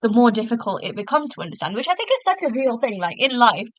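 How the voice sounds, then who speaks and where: A woman's voice: a little high, big pitch swings, fast, no room sound, rough recording. A woman hosting a podcast, chatting casually through a review with lots of fillers and restarts, recorded in a hotel room. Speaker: podcast host.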